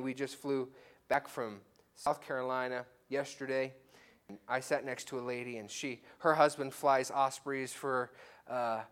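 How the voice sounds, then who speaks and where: A male pastor with a mid-range, slightly bright voice preaches a conversational, story-driven sermon to his church, acting out the quotes as he tells his stories.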